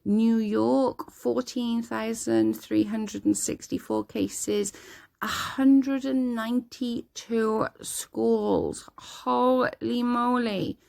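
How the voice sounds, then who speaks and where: A woman's voice: a little high, fairly even intonation, very slow, vocal fry, dark tone. A woman reading statistics aloud off the cuff, stumbling over names and breaking in with small reactions. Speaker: video host reading out statistics. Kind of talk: casual reading aloud with comments.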